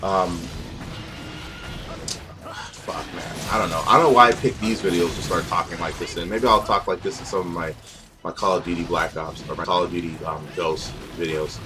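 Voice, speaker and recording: A man's voice: deep voice, steady tone, normal speed, noisy background. A young man chatting casually and profanely over gameplay, rambling in streetwise slang. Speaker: gameplay commentator.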